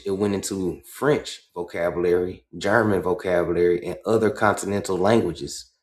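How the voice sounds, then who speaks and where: A man's voice: deep voice, a little mellow, echoey room. A man hosting a livestream, reading a book aloud and stopping often to explain it in his own words, checking in with "right?". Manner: reads slowly, stops to explain and asks "right?". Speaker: livestream host.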